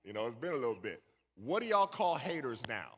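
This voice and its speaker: A man's voice: mid-range voice, big pitch swings, a little fast, a bit bright, breathy edge. A middle-aged man telling a story to a young audience and bantering with the crowd. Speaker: guest speaker. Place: large church hall. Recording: echoey church hall.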